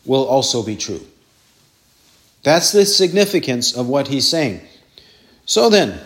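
A man preaching an expository sermon, repeating verse references and asking rhetorical questions. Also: on the high side.

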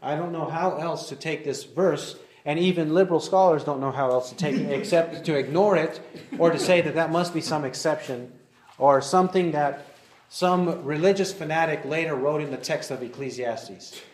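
A man teaching verse by verse through a Bible passage, reading verses slowly and deliberately. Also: a little high, darkish tone, a little hiss or hum. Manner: deliberate, slows to read verses aloud. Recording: roomy echoey recording.

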